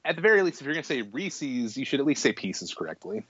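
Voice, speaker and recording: A man co-hosting a podcast in casual chat, halting often with fillers and restarts. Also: medium pitch, very animated, fairly bright tone, breathy edge, no echo. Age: adult. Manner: hesitant, restarts and fillers, chuckling. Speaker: podcast co-host. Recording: dull lo-fi dry sound.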